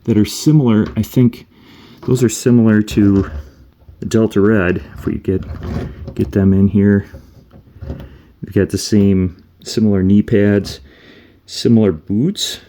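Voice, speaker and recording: Male toy reviewer, low mellow voice, rambling casual delivery, faint background hiss. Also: fairly even intonation, measured pace, pauses often. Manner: meandering, thinks aloud while handling items.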